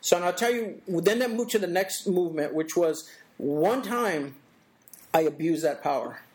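A middle-aged man, an interview guest, telling a personal story in a thoughtful way, with halting restarts and little acted-out quotes. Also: high-pitched, animated.

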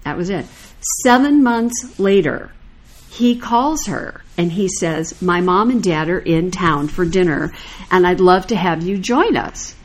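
Older woman, animated anecdotal storyteller, casual chat. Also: on the low side, unhurried. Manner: animated anecdotal storyteller, acts out quoted lines.

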